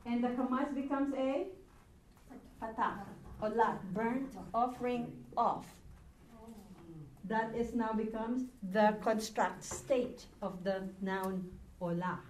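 Patiently quizzing her students, a woman leads a class through Hebrew grammar in a fairly high, slow voice with a darkish tone. She's captured from far off in a roomy space with a little background noise.

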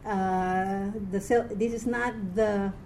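A tired woman teaching a live reading class, chatty, quick to laugh and correct herself. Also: medium pitch, fairly even intonation, darkish tone, a little hiss or hum.

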